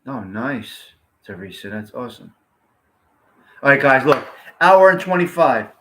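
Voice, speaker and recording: A man's voice: mid-range voice, very animated, measured pace, pushed and bright, slight background noise. A man hosting a casual livestream, chatting to viewers in a blunt, rambling way and swearing freely. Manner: blunt, rambling, salty-mouthed. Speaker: livestream host.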